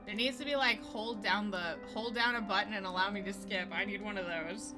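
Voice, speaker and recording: A woman's voice: mid-range voice, brisk, over music. A young adult woman livestreaming a horror game, giving casual, chatty gameplay commentary full of crude, self-mocking asides.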